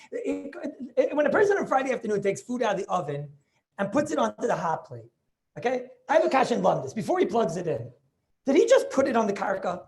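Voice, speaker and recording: During a video-call Torah class, a high-voiced man presents a Talmudic argument with eagerness. He frequently begins sentences anew and seeks agreement with "right?".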